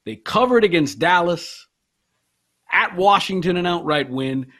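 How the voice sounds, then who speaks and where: A man's voice: sits high, animated, unhurried, a bit bright. A man on a sports betting panel, talking about his picks in an enthusiastic, rambling way. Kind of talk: casual sports betting chat.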